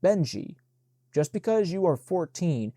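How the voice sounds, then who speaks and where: A man's voice: sits high, very animated, measured pace, mellow, no echo, studio quality, pitched above the performer's own voice. A man voicing a spiteful little boy who taunts in a whiny, sneering way. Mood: taunting.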